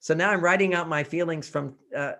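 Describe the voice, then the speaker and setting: An older man telling personal stories and giving relationship advice in a live interview, animated and often laughing. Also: fairly high pitch, brisk. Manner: animated storyteller, acts out quotes, laughs often. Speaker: relationship author and guest.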